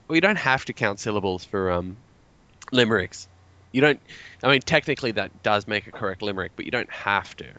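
Wry, low-voiced co-host. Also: male voice, a bit bright, muffled recording. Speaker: podcast co-host. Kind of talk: casual podcast chat.

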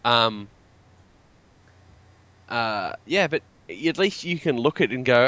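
A man's voice: on the low side, lively intonation, moderate pace, sharp tone, dry recording, highs cut off. A man co-hosting a casual podcast. His talk is wry and teasing, and he laughs easily. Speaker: podcast co-host.

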